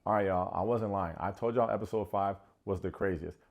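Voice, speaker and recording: A man hosting a comedic TV recap, sarcastic and quick to mock. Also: a little mellow. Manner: sarcastic, acts out quotes in high mocking voices. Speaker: recap show host.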